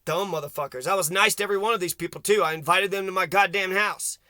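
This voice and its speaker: Angry guy from kentucky ranting outside, sharp high-ish voice, cussing nonstop, dry sound. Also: quick pace, no echo. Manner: agitated, swearing constantly, rambling. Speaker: vlogger. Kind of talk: angry profane rant to camera.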